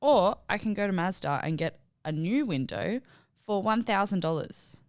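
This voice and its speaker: A woman's voice: mid-range voice, animated, normal speed, a little mellow. A young woman, co-hosting a podcast and chatting casually, laughing often and saying "like" a lot. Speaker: podcast co-host. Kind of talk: casual chat. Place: podcast studio.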